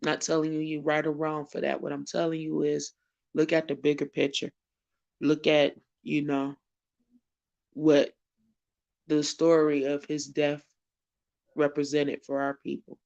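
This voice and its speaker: Male livestream host, gravelly, emotional and near tears, preaching with urgency; muffled lo-fi audio. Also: on the high side, monotone, unhurried, long pauses. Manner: preacherly and urgent, with repeated phrases and casual shout-outs. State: tearful and emotional. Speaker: host of a live online show. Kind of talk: emotional livestream talk and exhortation. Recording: dull lo-fi stream audio.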